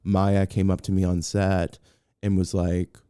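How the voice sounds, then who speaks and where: Deep-voiced man telling a story. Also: a little slow, smooth, no room sound, studio quality. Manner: animated, acts out quotes, frequent restarts. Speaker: podcast guest. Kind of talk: casual storytelling.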